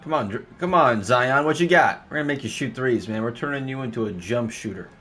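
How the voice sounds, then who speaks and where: A young man streaming a basketball video game, talking live over his play, excitable and trash-talking with sudden high yelps. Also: a little fast, breathy edge. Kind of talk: live gameplay commentary.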